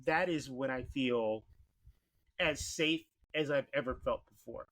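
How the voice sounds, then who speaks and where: A man from New York talking candidly as a podcast guest, in quick bursts and with casual swearing. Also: medium pitch, a bit bright. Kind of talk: conversational interview.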